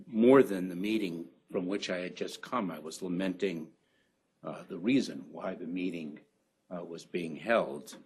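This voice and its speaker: A man giving conference opening remarks in a reflective, halting way, with many ums and uhs. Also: deep voice, husky. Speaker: conference speaker.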